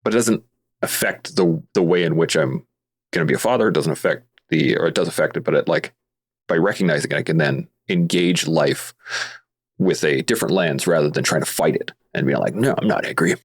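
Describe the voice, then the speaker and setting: A man with a very deep, low voice talks through his ideas on a podcast, earnest and steady. He grew up in Canada and explains things with simple everyday comparisons. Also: fairly quick, slightly rough. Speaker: podcast guest, veteran advocate. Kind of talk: casual podcast conversation.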